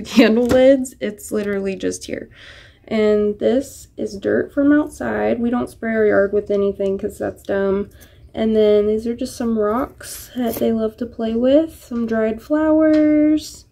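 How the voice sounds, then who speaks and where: A woman vlogging about her pets, talking to them in soft, cooing baby talk between casual explanations. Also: mid-range voice, steady tone, a little slow, creaky. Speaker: pet-keeping vlogger. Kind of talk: casual vlog chat.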